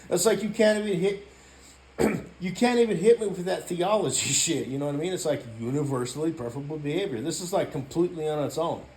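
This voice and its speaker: Slight background noise sits under this rambling, profane vlog rant from a male YouTuber. His voice is a little high and fairly quick, every pause gets a "you know," and now and then he erupts into loud shouts.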